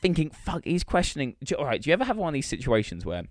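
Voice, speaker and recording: A man's voice: fairly high pitch, very fast, no echo. A young man co-hosting a podcast, telling an anecdote in casual chat, swearing freely and acting out the dialogue. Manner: animated storyteller, swears freely, acts out dialogue. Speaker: podcast co-host.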